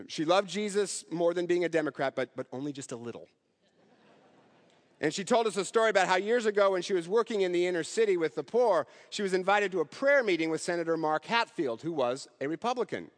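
A man preaching a sermon in an earnest way, with emphatic rises and soft drops, closing in prayer. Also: a little high, big-room sound. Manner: earnest, rising and falling emphasis, ending in prayer.

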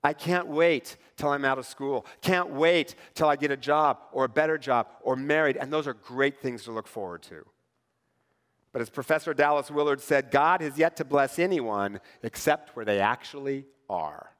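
A man's voice: mid-range voice, normal speed. A middle-aged man preaching a sermon as pastor, talking conversationally and animatedly, asking the congregation "right?" often. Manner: conversational, animated, acts out quoted voices. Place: church sanctuary. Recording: long church hall reverb.

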